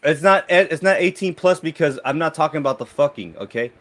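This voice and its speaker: An American man on a casual group call, pitching a story in a rambling, profane way with many restarts. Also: expressive, a little fast, fairly bright tone. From United States. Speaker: podcast panelist presenting a topic.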